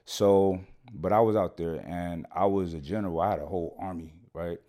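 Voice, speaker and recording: A man with a low, deep voice tells a story on a podcast. His talk is loose, slangy and full of swearing, and he keeps checking in with his listeners. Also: fairly even intonation, normal speed, dark tone. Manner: slangy and profane, keeps saying "you know what I'm saying". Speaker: podcast guest. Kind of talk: casual storytelling.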